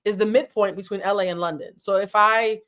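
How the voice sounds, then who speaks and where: An American woman with a medium-pitched, steady, slightly bright voice recaps reality TV. She's candid and brash, swears freely and tosses in quick asides throughout her casual, profane commentary.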